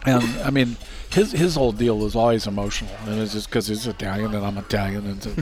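A man's voice: fairly low pitch, brisk. An American man in a casual interview, recounting stories from racing safety work with fillers, restarts and laughter.

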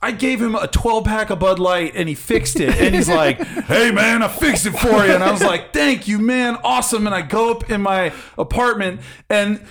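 A man in his thirties chatting casually about a movie, swearing and ranting with animated outbursts. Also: high voice, moderate pace, few pauses. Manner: animated, swearing, rants loudly. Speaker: podcast co-host. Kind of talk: casual chat.

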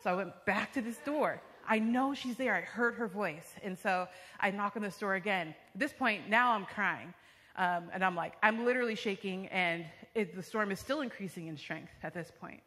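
Young woman telling her testimony at church, bright voice, lots of "like"s, big hall reverb. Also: mid-range voice, moderate pace. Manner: vivid storyteller, frequent fillers like "like" and "um". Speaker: church member giving testimony. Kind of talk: personal testimony storytelling. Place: church sanctuary. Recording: long reverb of a large hall.

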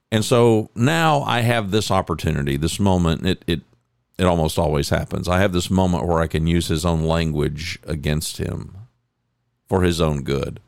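A man's voice: gravelly, no room sound, clean studio sound. A middle-aged man in a reflective monologue, telling coaching stories with emphatic, rising stresses. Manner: emphatic, builds to higher excited peaks. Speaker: speaker sharing coaching stories.

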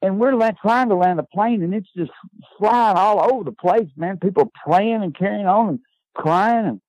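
Older male guest, animated yarn-spinner who ends his lines with "man", slightly high voice, dry close sound. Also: normal speed, no room sound, poor audio. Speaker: guest, former wrestling manager. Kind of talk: animated anecdote telling.

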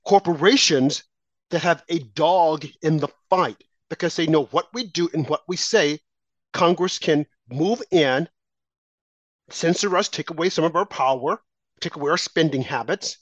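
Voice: medium pitch, moderate pace, dry recording. A political commentator giving an impassioned monologue, repeating phrases, firing off rhetorical questions and mocking opponents in quoted asides. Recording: slightly dull lo-fi recording.

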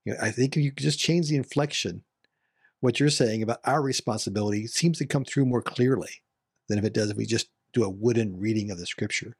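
A man's voice: mid-range voice, brisk, breathy edge, no room sound, studio quality. A man in a bible study discussion who talks reflectively and leans on certain words for emphasis. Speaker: discussion panelist.

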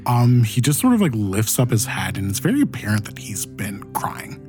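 A man narrating as game master of a tabletop game, halting with many fillers. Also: lowish voice, wildly swooping pitch, darkish tone, faint music behind.

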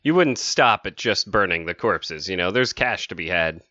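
A man's voice: low voice, animated, moderate pace, sharp tone, no echo, highs cut off. A man co-hosting a podcast, reacting with enthusiasm and loose, sweary talk. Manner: enthusiastic, swears and laughs freely. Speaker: podcast co-host. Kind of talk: casual comic-book podcast chat.

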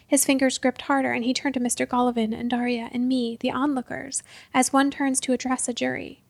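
High-voiced woman narrating a story. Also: level tone, no room sound. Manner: measured, hushed at tense moments.

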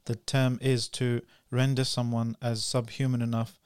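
A man's voice: medium pitch, little pitch movement, moderate pace, a little mellow, smooth, dry recording, clean studio sound. A man hosting a podcast, cutting in with blunt, pointed remarks. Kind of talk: podcast interview discussion.

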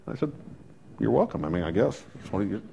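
A man's voice: fairly low pitch, big pitch swings, brisk, vocal fry, warm tone, slight background noise. Man preaching a chatty storytelling sermon. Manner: conversational storytelling, wry asides. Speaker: pastor.

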